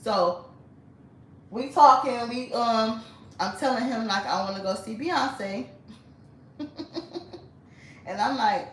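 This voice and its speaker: A young woman telling a story in a casual storytime monologue. She talks in an animated way, laughs often and acts out the voices of the people in her story. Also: on the high side, slow, pauses often. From United States. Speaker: storyteller host. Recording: roomy, mic at a distance.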